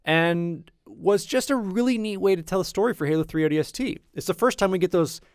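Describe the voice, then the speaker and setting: A man's voice: high-pitched, a little fast, clear, resonant tone, no echo, clean studio sound. A man co-hosting a casual gaming podcast, chatty and enthusiastic, with many restarts. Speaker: podcast co-host.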